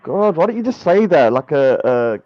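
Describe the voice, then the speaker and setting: A man on a casual online panel, chatty and quick to act offended. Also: on the high side, sing-song. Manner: chatty, mock-indignant, defensive. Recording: dull, dry sound.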